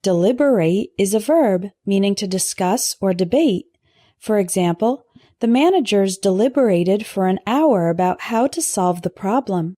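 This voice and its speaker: A woman teaching English vocabulary in a scripted lesson, pronouncing word pairs slowly and carefully for learners to repeat. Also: mid-range voice, expressive, mellow, no echo, studio quality. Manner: slow, careful pronunciation drills.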